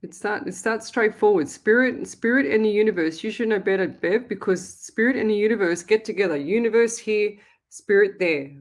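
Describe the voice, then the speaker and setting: Middle-aged Australian woman, live call-in host, mid pitch, chatty and blunt. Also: normal speed. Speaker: psychic medium radio host. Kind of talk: live call-in reading, casual chat.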